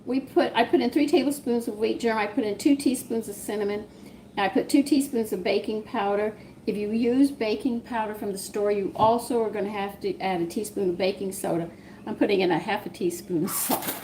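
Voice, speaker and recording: Southern lady cooking at home, lowish voice, chatty and rambling, dishes and pans clanking behind her. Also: background noise. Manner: rambling, drifts into personal stories while cooking. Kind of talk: casual cooking live stream. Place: home kitchen. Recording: kitchen clatter of dishes and cutlery.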